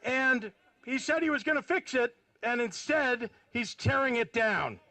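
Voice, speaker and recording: A political candidate rouses an outdoor rally crowd with punchy rhyming slogans and questions. His voice is high and gravelly with a bright edge. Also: lively intonation, a little slow, no room sound, low-quality recording. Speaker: candidate for governor. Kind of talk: campaign rally speech. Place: outdoor rally on capitol grounds.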